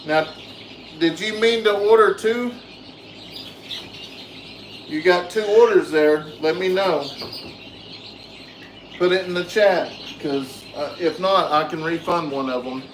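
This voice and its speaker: Easygoing farm vlogger. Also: male voice, sits high, takes it slowly, pauses often. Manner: easygoing, soothes animals softly. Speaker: farm channel host. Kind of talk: casual farm vlog, talking to viewers. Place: outdoors on a farm with birds. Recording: echoey with loud outdoor noise.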